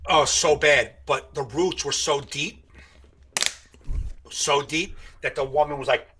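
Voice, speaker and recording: A man's voice: a little high, takes it slowly, slight background noise. A man co-hosting a podcast, telling profane stories in casual chat. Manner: animated, profane storytelling. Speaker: podcast co-host.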